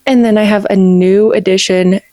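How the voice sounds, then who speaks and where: This book vlogger in her 20s gushes bubblily to camera, dropping "like" constantly. She has a medium-pitched, dark-toned voice with fairly even intonation at normal speed, and the recording is dry.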